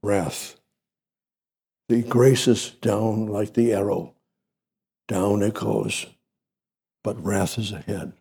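A man preaching a sermon, repeating words for emphasis and rising sharply in pitch on stressed phrases. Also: steady tone, takes it slowly, creaky, pauses often, mellow, breathy edge. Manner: repetitive, emphatic preaching with sudden pitch rises.

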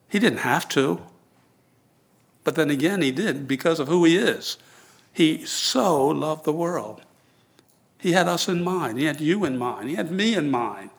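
A man delivers a sermon at an unhurried pace. His voice sits a little high for a man, and he leans deliberately on single words to drive each point home. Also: a bit bright. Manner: slow, earnest, deliberate emphasis. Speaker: preacher. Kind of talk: sermon with sung verse.

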